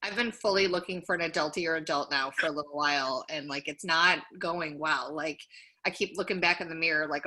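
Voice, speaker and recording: A woman's voice: deep voice, a little fast, bright, forceful tone. A woman co-hosting a podcast in casual chat, rambling with lots of "like". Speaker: podcast co-host.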